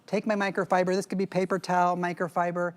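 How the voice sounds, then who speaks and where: A man's voice: little pitch movement, fast. A man presenting a cleaning gadget live on a TV shopping channel, chatty and joking as he demonstrates. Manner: chatty, upbeat pitchman with jokes. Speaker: product presenter. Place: TV shopping studio.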